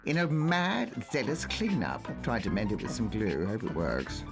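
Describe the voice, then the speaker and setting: A man's voice: fairly low pitch, big pitch swings, measured pace, music in the background. A man reading diary entries aloud in a clipped, terse manner. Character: man voicing a fussy diarist's terse entries.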